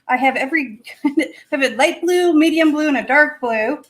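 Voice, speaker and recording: A woman's voice: sits high, brisk, rough recording. A woman hosting a live painting demo, chatty and laughing easily as she works. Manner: chatty, laughs often, self-teasing. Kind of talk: casual live-stream demo chat.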